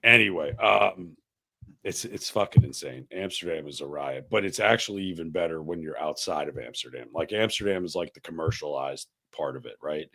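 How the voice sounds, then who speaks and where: A man co-hosting a casual podcast, telling a wild travel story in a profane, animated way and acting out the voices of the people in it. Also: extremely low pitch, a little fast, creaky. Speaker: podcast co-host.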